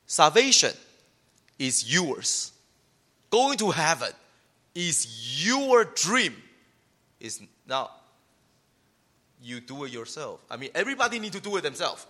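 A man preaching as a pastor, teaching a class and acting out complaining voices in an animated way. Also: on the high side. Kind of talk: sermon.

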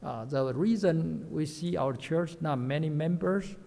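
Halting preacher in an echoey hall. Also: male voice, a little high, vocal fry, mellow. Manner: halting, many fillers, repeats points, rhetorical questions. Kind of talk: sermon. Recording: echoey hall with long reverb.

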